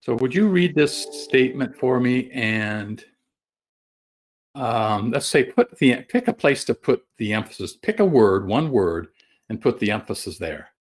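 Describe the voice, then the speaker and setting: A middle-aged man presenting a webinar over a video call, folksy and halting, with many fillers and restarts. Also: medium pitch, sing-song. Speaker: guest sales trainer.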